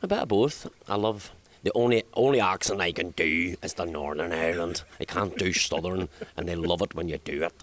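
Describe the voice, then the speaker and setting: A man's voice: low voice, a little fast, hardly any pauses, a bit bright. A man with a Scottish accent, a comedian chatting casually in an interview and laughing often at his own stories. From Scotland. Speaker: comedian guest. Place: outdoors in hot sunshine.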